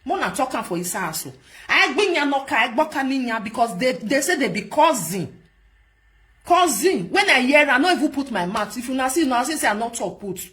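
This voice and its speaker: A woman's voice: high-pitched, moderate pace. A woman from Nigeria with a Nigerian Pidgin accent, ranting and scolding as a vlog host in casual commentary, repeating herself for emphasis. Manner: scolding, repetitive, animated.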